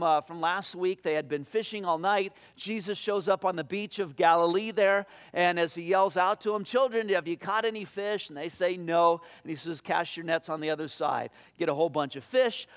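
A man preaching a sermon to his congregation, telling stories and reading scripture aloud, often dropping softer and slower for quoted lines. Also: high voice. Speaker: pastor.

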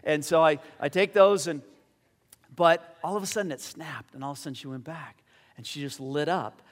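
A man's voice: fairly high pitch, moderate pace, in a large hall. A man preaching a sermon as pastor, telling stories in an earnest, conversational way with fillers, then leading a closing prayer.

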